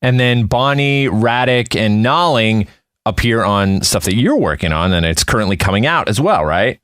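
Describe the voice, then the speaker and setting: An upbeat man hosts a podcast with a very lively, swooping pitch line. He keeps things moving with quick, short questions to his co-host. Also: smooth. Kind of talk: casual podcast chat.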